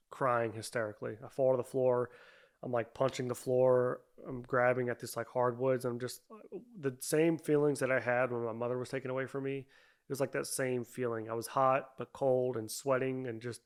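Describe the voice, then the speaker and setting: A young man speaking as a podcast guest, telling his own story in a steady, level tone. His voice has a gravelly, fry-edged grain, and he talks in a halting way, with restarts and filler words throughout. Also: mid-range voice. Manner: halting, repeats himself, many fillers. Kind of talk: personal storytelling.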